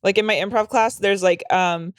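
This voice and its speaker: A woman's voice: medium pitch, fairly even intonation, moderate pace, dry recording. A young adult woman co-hosting a comedy podcast, chatting casually in a rambling, profane way full of fillers. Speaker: podcast co-host.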